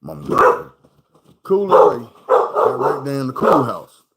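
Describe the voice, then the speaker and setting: A man's voice: medium pitch, takes it slowly, heavy background noise. A man casually telling a story in loose, profane street talk, acting out the people in it. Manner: animated, acts out the people in his story. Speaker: streamer.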